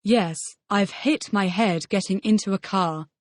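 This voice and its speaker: A woman's voice: mid-range voice, measured pace, dry recording, studio quality. A woman reading the model answers in a scripted audio language lesson, repeating each question as a full-sentence answer. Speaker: model student answering drills.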